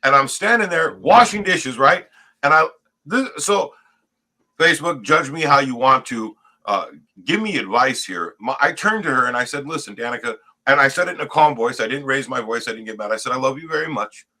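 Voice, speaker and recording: A middle-aged man spins a story in casual chat, swearing freely and checking in with "right?" at every turn. His voice is bright and forceful, and he is animated throughout. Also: medium pitch, moderate pace. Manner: profane, animated storyteller, says "right?" often.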